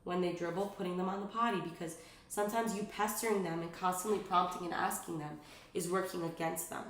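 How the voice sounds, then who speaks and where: A woman's voice: fairly low pitch, fairly even intonation, fairly quick, slight background noise. A young woman and mother giving casual, earnest parenting advice in a chatty vlog, rambling with many fillers. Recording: roomy echo.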